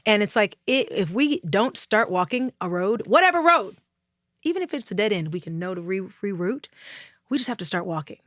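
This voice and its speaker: A woman in her thirties tells stories in a relaxed interview. She is animated and acts out little voices along the way. Her pitch sits in the middle, and the recording is dry and close. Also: moderate pace, no echo. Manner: lively storyteller, acts out voices and laughs often. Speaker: interior design guest. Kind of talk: casual interview chat.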